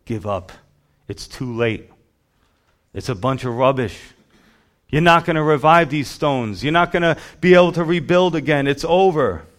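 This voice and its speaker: A preacher voicing a taunting devil. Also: male voice, mid-range voice, measured pace, long pauses, lightly acted. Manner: mocking, insistent. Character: taunting male devil whispering discouragement.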